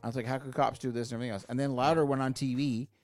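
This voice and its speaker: A man's voice: medium pitch, level tone, racing, dry recording, faint music behind. A man, talking in a heated, profane, emphatic way in a casual podcast chat. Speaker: podcast co-host.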